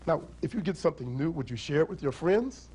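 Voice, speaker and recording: Male children's storyteller, animated, slightly high voice. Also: fast talker. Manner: animated, engaging the audience. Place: library.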